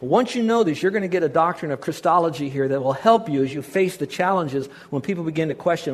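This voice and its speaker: A man's voice: on the high side, lively intonation, quick pace, hardly any pauses. A man preaching a sermon in a conversational way, often putting questions to his congregation. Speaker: pastor.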